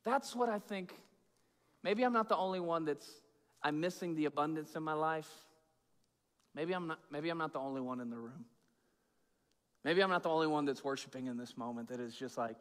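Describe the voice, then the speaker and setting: A man preaching a sermon as pastor, casual and chatty, swinging between loud emphatic bursts and low hushed asides. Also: moderate pace, long pauses. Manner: informal, chatty preaching with fillers and repeats. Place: church sanctuary with long reverb. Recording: echoey church hall.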